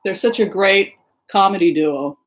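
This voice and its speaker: A little slow and mid-range in pitch, a middle-aged woman from around Seattle, Washington, hosts a livestream, rambling casually and greeting live viewers by name. The rough recording has slight background noise.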